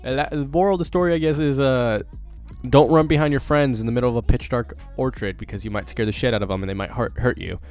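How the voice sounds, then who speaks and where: A man's voice: mid-range voice, fast, darkish tone, soft background music. A teenage boy telling a story casually to camera as a vlogger, rambling and swearing with lots of fillers.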